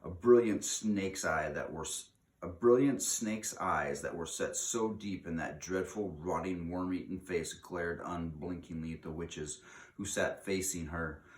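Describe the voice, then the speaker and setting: A man reading a children's book aloud in an expressive way, slowing down for dramatic emphasis. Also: low-pitched. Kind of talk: read-aloud storytelling. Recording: echoey room.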